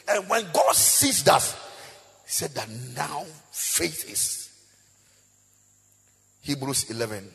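A man preaching a sermon, chanting in a sing-song voice, rising to shouts, asking the crowd call-and-response questions and breaking into tongues. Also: mid-range voice, vocal fry, breathy edge. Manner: bursts of praying in tongues. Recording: echoey hall with faint music.

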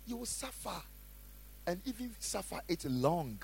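A man preaching a sermon as a pastor, asking the congregation questions and swinging between shouted lines and quiet asides. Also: sits high, big pitch swings, unhurried, vocal fry, slight background noise, poor audio. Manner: preaching with call-and-response questions.

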